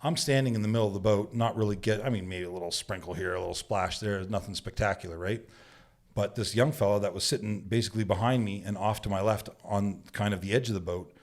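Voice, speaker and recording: A man from Canada, a bushman guest on a podcast, telling stories in a casual studio chat, acting out quoted lines and often asking "right?". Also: lowish voice. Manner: animated storyteller who acts out quotes, says "right?" often. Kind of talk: casual storytelling.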